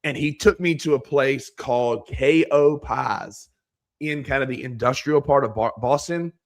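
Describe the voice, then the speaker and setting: An American man hosting a sports podcast in a relaxed, chuckling way, his voice scratchy and hoarse because he is losing it. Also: mid-range voice, a little slow. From United States. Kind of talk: casual sports podcast chat.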